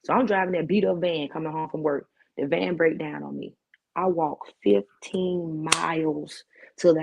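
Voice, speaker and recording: A woman's voice: sits low, steady tone, normal speed, gravelly, highs cut off, background noise. A woman who is a talk show guest, telling her life story vividly with street slang and lots of repetition.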